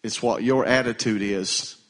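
A man's voice: medium pitch, fairly even intonation, a little slow, fairly bright tone. A male pastor preaching a sermon, calling on the congregation to answer him. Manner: call-and-response preaching, urging the congregation to answer.

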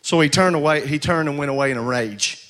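Brief: a male pastor preaching with a tense, forceful edge and stumbling repetitions. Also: fairly high pitch, fast talker. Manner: exhorting, repeats and stumbles over words, calls for responses. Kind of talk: sermon.

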